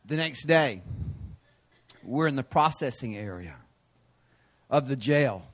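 A middle-aged male pastor preaching a sermon, telling stories and acting out voices with sudden shouts. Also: mid-range voice, lively intonation, takes it slowly. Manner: storytelling, acts out voices with bursts of shouting.

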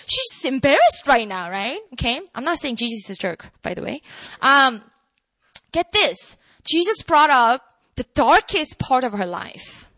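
A woman preaching a sermon to a room, emphatic and animated, asking her listeners rhetorical questions. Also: sits high, no echo. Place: room with an audience.

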